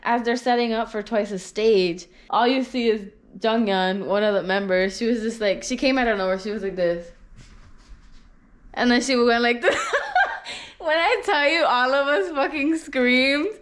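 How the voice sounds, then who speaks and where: A young woman vlogger telling a story, animated and expressive, swearing casually. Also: fairly high pitch, normal speed. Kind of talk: story time vlog.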